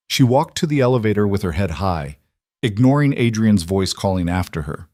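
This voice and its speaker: A man with a deep voice reads a scripted drama story in a measured, even storytelling style. The recording is studio quality with no echo.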